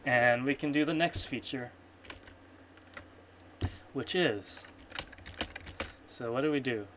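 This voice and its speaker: This is a casual thinking-aloud coding screencast: a man streams his programming, rambling, self-correcting, and muttering to himself. He speaks slowly in a mid-range voice through a computer microphone, with background noise of typing and clicks.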